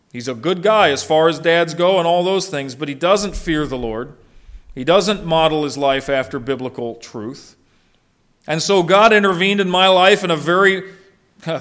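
A middle-aged male pastor preaching a sermon in an earnest voice that sits somewhat high for a man. He keeps turning to his listeners with rhetorical questions. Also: a bit bright.

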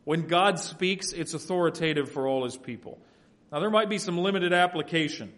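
A man preaching an expository sermon, shifting between quiet, folksy asides and loud, emphatic passages. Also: a little high, normal speed. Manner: folksy family anecdotes, laughs at own stories. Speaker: pastor.

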